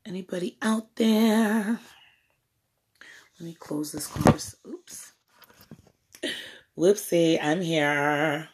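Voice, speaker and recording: A woman's voice: fairly low pitch, drawn-out words, long pauses, very noisy. A woman vlogger chatting playfully to her viewers on a live stream from a phone at home. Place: at home indoors. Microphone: phone propped up on a table.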